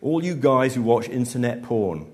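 A man with a mid-range, slightly mellow voice plays a brash male stand-up comedian, pitching a bit above his own register while still sounding natural. He bellows jokes at a heckling crowd at a normal speed, with lively intonation.

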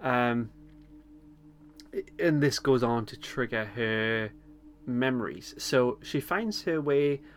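A man co-hosting a podcast, recapping an episode in relaxed chat, laughing often and pausing with lots of ums. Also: mid-range voice, slight background noise. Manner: chatty, laughs often, hesitant with many ums. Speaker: podcast co-host.

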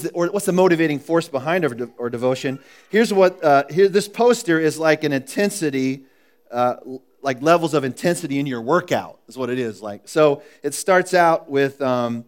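A man preaching a casual sermon as pastor in a church meeting room, talking loosely with jokes, restarts and laughs. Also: a little high.

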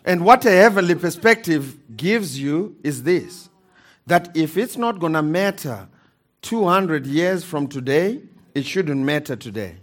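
A man's voice: fairly high pitch, expressive, a little slow, faint music behind. A man preaching a sermon in a church, repeating key phrases and calling for amens. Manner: calls for amens from the congregation. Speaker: pastor.

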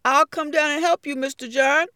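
A woman's voice: sits high, steady tone, moderate pace, pushed and bright, dry recording, clean studio sound, voice pushed up. Urgent rescue worker calling out, voiced by a woman. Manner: calling out, pleading.

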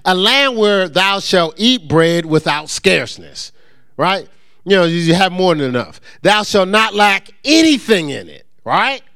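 A male pastor preaching a conversational sermon, joking with the congregation and stumbling into quick repeats and restarts. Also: high voice, clean tone. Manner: lively, joking asides to the congregation.

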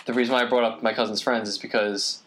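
A man chatting casually as a podcast co-host, telling stories in a relaxed, rambling way. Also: mid-range voice, fast. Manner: rambling, relaxed storyteller with fillers. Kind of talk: casual chat.

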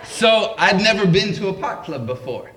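A man's voice: sits high, animated, normal speed, recorded from a distance, very noisy. A man telling a comedic story on stage at a live event, wry and self-deprecating. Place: live event at a public library. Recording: echoey live room.

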